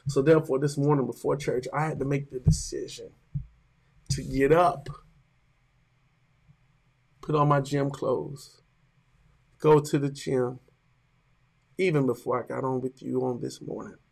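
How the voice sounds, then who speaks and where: A man's voice: medium pitch, fairly even intonation, a little slow, creaky, pauses often, darkish tone. A pastor preaching a sermon, building emphasis and stretching out his words.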